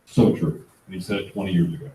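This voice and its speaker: A middle-aged man giving a motivational talk at a real estate planning event, an animated storyteller who acts out the dialogue. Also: low-pitched, quick pace. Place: event room. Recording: echoey room, distant mic.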